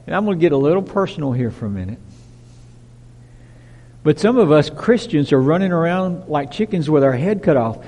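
A man preaching a sermon, emphatic, dropping to a hush and rising to loud declarations. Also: a little high, lively intonation, brisk, long pauses, long reverb tail. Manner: emphatic, swinging from hushed to loud.

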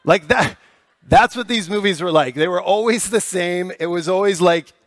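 A man's voice: high-pitched, normal speed, no room sound, clean studio sound. A young man preaching a sermon in a casual, hesitant way, with many fillers and restarts. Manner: hushed, soft prayer. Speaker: pastor.

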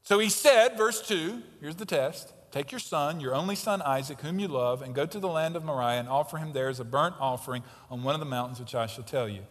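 A male pastor delivers a sermon with emphatic preaching, pressing hard on key words and dropping into quiet asides. His voice sits a bit high for a man. The sound carries a long reverb of a church hall. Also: a little fast, few pauses. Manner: emphatic preaching, swings between loud stresses and quiet asides. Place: church sanctuary.

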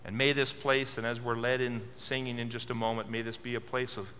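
A man's voice: mid-range voice, flat delivery, brisk, sharp tone, long reverb tail, a little hiss or hum. A male pastor preaching a sermon, earnest and full of questions, repeating words for stress. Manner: earnest, asks many questions.

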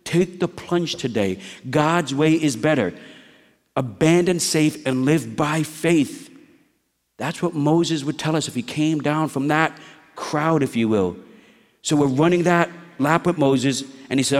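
A middle-aged pastor preaching in a church, his fairly high voice carried by a long reverb. He tells personal stories in a hushed tone, then builds to urgent calls to take risks in faith. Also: measured pace. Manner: storytelling preacher, shifts between hushed anecdote and rising exhortation. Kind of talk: sermon.

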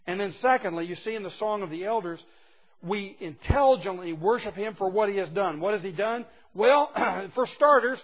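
A man preaching a sermon to a group of men, emphatic and folksy, dropping from loud exclamations to hushed asides. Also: high-pitched, brisk, lo-fi sound. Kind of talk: sermon to a men's gathering.

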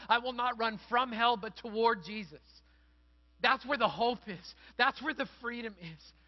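A middle-aged man delivers a sermon as a pastor, his voice sitting high for a man. He talks like he is telling stories to friends, then leans into earnest emphasis. The recording sounds muffled and lo-fi. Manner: conversational storytelling, building to earnest emphasis.

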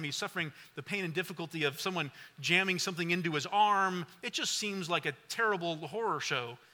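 A pastor in his forties preaching a sermon and prayer, telling a personal story in an earnest, halting way, repeating words and dropping very soft at tender moments. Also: high voice.

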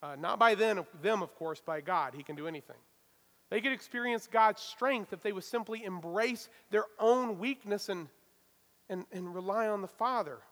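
A man preaching a sermon, swinging between loud emphatic stresses and hushed asides. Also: high voice, normal speed, in a large hall. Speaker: pastor.

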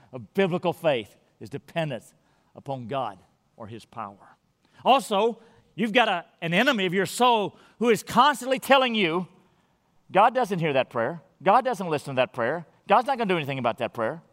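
A man's voice: sits high, a bit bright. A man preaching a sermon as pastor, emphatic and building his points by repetition. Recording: hall reverb.

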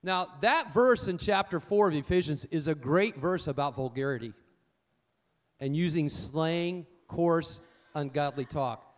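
A man with a high-pitched voice preaching a sermon. He tells folksy, humorous stories and repeats his key points. He often checks in with his listeners in call-and-response fashion. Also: animated, a little slow. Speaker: pastor.

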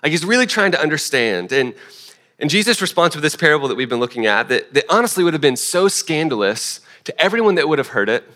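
A man preaching a sermon in a relaxed, conversational way, full of restarts and self-deprecating asides. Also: a little high, fast. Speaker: pastor.

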